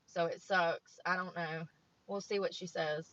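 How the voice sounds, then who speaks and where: Late-30s woman streamer, bright edge, talks plainly and rambles; muffled lo-fi sound. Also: lowish voice, steady tone, a little slow. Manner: plain-spoken, rambling, frank about money. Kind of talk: casual chat to viewers. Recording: dull lo-fi stream audio.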